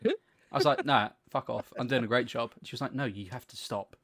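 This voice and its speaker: A young man co-hosting a podcast, telling long animated stories in casual chat, swearing freely and acting out what people said. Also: mid-range voice, a little fast. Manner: animated storytelling, swears freely, acts out quotes. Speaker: podcast co-host.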